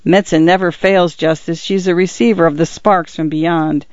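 An excitable, fussy middle-aged husband, fretting aloud with anxious exclamations, as a male reader puts him on. The voice sits a little high and is given in an audiobook reading. The recording is dry and somewhat dull. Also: moderate pace, no echo, lightly acted. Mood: agitated.

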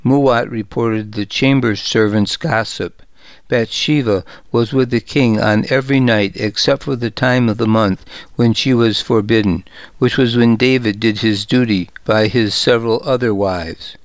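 A man reads a first-person story in a measured, deliberate way, taking his time over each phrase. His voice is smooth and clear, of middle pitch, and sits close and dry with no room sound. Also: dry recording. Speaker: audiobook narrator. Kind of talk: scripted first-person narration.

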